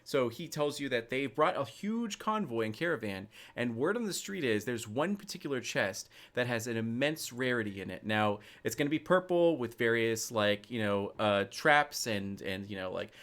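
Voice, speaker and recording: A man's voice: mid-range voice, lively intonation, moderate pace, hardly any pauses, a bit bright. A man narrating a tabletop role-playing game as game master, in a loose, rambling way with lots of fillers.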